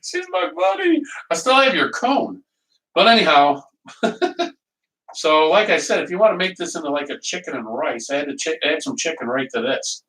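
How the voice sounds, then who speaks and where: Man, live cooking stream host, rambling and chatty, slightly high voice, echoey room. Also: expressive, normal speed, pushed and bright, recorded from a distance. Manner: rambling, chatty, greets viewers by name, laughs often.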